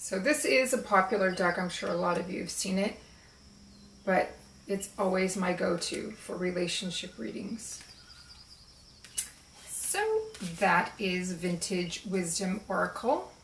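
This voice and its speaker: A woman chatting casually and slowly about her favorite card decks, with relaxed fillers as she shows them. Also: fairly low pitch, vocal fry, distant mic, slight background noise. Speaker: spiritual video creator. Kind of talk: casual show-and-tell chat. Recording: roomy echo, voice a bit off-mic.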